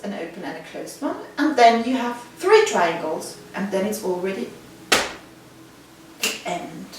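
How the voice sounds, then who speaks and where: A woman's voice: medium pitch, a bit bright. A woman with a Swiss German accent teaching body percussion, patiently counting rhythms aloud and checking in with her listeners. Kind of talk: instructional video lesson. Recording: very echoey room, distant mic, faint noise.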